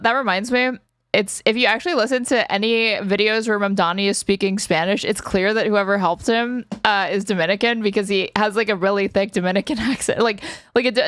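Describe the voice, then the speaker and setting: A woman hosts a live stream, tossing out sarcastic, profane asides between news clips. Her voice is clear and smooth. The recording is close and dry. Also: mid-range voice, dry recording. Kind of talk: casual live-stream commentary.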